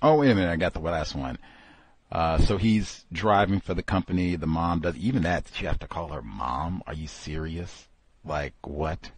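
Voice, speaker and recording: A man with a low, slightly rough voice speaks at a moderate pace, with no room sound. He's hosting a book club, reading a memoir aloud and adding emphatic, exclaiming commentary and conversational asides.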